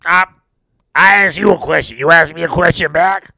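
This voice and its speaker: A man doing a gravelly football coach. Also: fairly high pitch, fairly even intonation, normal speed, no echo, heavily acted. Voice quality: gravelly, raspy. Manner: brash, boastful, rambling with bursts of shouting. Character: gravelly Cajun football coach, brash and rowdy. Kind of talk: comedic impression in a mock interview.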